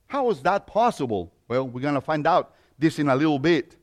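A man in his fifties from Mexico, with a Mexican Spanish accent, preaching a sermon as pastor, moving from quiet reflection to loud emphatic points. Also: on the high side, lively intonation, a little fast, hardly any pauses. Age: 50s.

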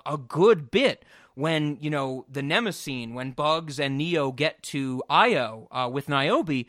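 Excitable swearing man, slightly high voice. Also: no room sound, clean studio sound. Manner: excitable, swears freely, rambling with restarts. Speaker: podcast co-host. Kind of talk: casual film discussion podcast.

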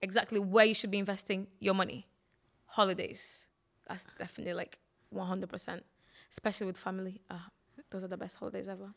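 A woman's voice: mid-range voice, little pitch movement, fast talker, creaky, fairly bright tone. A woman co-hosting a casual podcast chat, blunt and full of fillers. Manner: blunt, uses lots of fillers. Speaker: podcast co-host.

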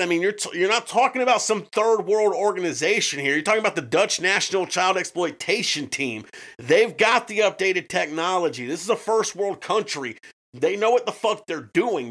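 Guy cohosting a true crime podcast, cussing a lot, trips over his words, kinda high voice. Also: fairly bright tone. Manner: profane, with frequent restarts and fillers. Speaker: podcast co-host.

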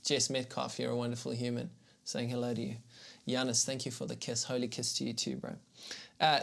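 Animated man teaching scripture on a livestream. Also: mid-range voice, brisk, vocal fry. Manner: conversational and animated, greets viewers in the chat; reads scripture aloud with emphasis. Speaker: pastor teaching an online series. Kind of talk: live-streamed Bible teaching.

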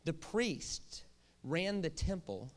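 A male pastor preaches with a light, joking touch, tossing rhetorical questions at his listeners. His voice sits a bit high, and his delivery swings from playful asides to plain explanation. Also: slow pace. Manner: jokey, animated, asks the crowd questions. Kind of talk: sermon.

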